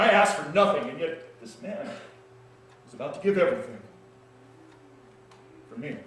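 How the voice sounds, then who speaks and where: A man's voice: fairly high pitch, a bit bright, a little hiss or hum. A man playing Barabbas, haunted ex-prisoner. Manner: intense, halting, heavy pauses between phrases. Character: freed male prisoner, shaken and awestruck. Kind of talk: dramatic stage monologue. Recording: echoey hall, mic at a distance.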